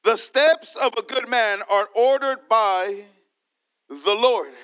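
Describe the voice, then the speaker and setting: Pastor, male, very high bright voice, slow repetitive preaching to the congregation. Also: smooth. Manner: preaching, repeats lines, calls to the church. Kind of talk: sermon.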